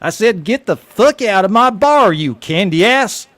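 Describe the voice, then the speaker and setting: A man voicing a hot-tempered male bartender who yells and mocks in a high, strained voice. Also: expressive, measured pace, dry recording. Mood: furious.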